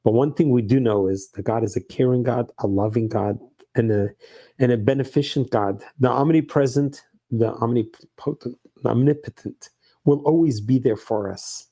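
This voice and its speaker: Male rabbi, middle-aged, emphatic sermon delivery, dark mellow timbre, mid pitch. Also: normal speed. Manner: earnest, emphatic preaching with repeated phrases.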